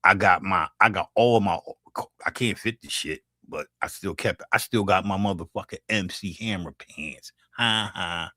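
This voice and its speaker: A man's voice: low-pitched, normal speed, bright, forceful tone, no echo, clean studio sound. A man in his sixties with a Philadelphia accent, chatting loosely and profanely with his livestream viewers, full of restarts and jokes. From North Philadelphia, USA. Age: 60s. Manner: loose, profane, joking street talk with frequent restarts. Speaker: livestream beatmaker host. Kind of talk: casual livestream chat with viewers.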